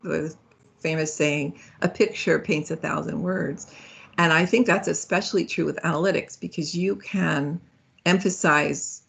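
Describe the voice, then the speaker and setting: A woman's voice: deep voice, creaky, breathy edge. A woman speaking as a guest in a speaker series, in a conversational way with fillers and self-corrections.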